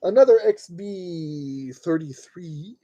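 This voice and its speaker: High-voiced man chatting through a build. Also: expressive, takes it slowly, muffled recording, noisy background. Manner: chatty, talks himself through each step. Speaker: streamer building a model kit. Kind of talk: casual live-stream narration. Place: at a desk indoors.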